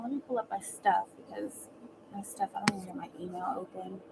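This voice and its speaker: On a very noisy recording, a medium-pitched woman hosts a live tarot stream and chats casually with viewers. She's quick to laugh and excitable, occasionally lowering her voice to almost a whisper.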